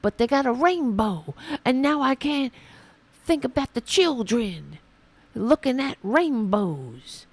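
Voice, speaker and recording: A woman hosting a political commentary podcast, ranting sarcastically and mocking opponents in high put-on voices. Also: big pitch swings, slow, darkish tone, dry recording.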